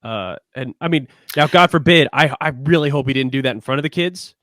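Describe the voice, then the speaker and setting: A man co-hosting a relationship podcast, talking casually in a halting, blunt way. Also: mid-range voice, a bit bright, no room sound, clean studio sound. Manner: halting, restarts and fillers, blunt. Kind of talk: casual conversation.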